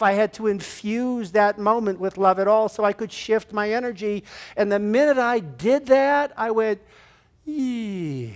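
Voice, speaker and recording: This is a man with a notably high voice giving an inspirational talk to a church audience. He is animated, slipping into little acted scenes and drawing the room into a shared gesture. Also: clean tone. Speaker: guest speaker at a church service.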